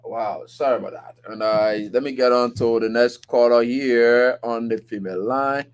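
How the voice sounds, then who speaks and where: A male host runs a call-in show. He sounds relaxed and easygoing. He thanks the callers warmly and moves on to the next line. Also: mid-range voice, normal speed, clean tone. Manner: relaxed, chuckling, takes calls.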